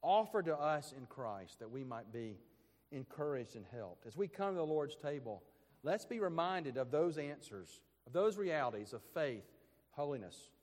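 A man's voice: a little high, very animated, moderate pace, darkish tone. A male pastor delivering an earnest, emphatic sermon during a morning service. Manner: earnest, emphatic preaching with repetitions. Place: church sanctuary. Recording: long reverb of a church hall.

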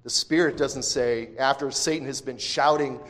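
A male pastor preaching a sermon, talking in a conversational way with asides and restarts, then swinging from quiet to loud emphasis. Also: mid-range voice, fairly even intonation, moderate pace. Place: church sanctuary. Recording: long church hall reverb.

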